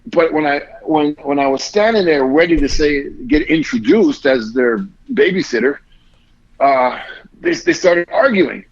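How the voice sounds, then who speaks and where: On a podcast, a male guest rambles through a long story, swearing heavily and acting out what other people said. His voice is a little high, gravelly and sing-song, with an unhurried pace, and the highs are cut off.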